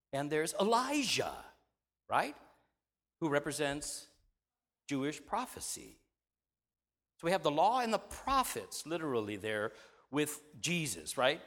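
A man preaching, reading a scripture passage aloud and teaching from it, often asking his listeners questions. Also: on the high side. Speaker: pastor. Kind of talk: Bible reading and sermon teaching.

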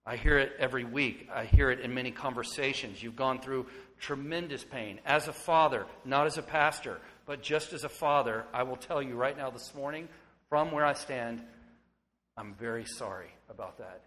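A man in his forties preaching a sermon as pastor, swinging from hushed, tender moments to loud, excited ones. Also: medium pitch, normal speed. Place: church sanctuary. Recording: long hall reverb.

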